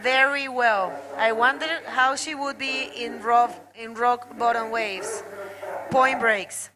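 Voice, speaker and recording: Brief: high-pitched woman, chatty live sports commentator, crowd noise behind. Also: steady tone, slow, rough recording. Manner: chatty, greets viewers. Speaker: bodyboarding commentator.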